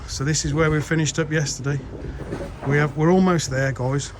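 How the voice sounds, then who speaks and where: A man with a fairly high, fairly even voice at normal speed vlogs outdoors as he builds a pond on a building site. The background is noisy, with music underneath. Working as he talks, he chats casually to viewers, calls them guys and swears mildly.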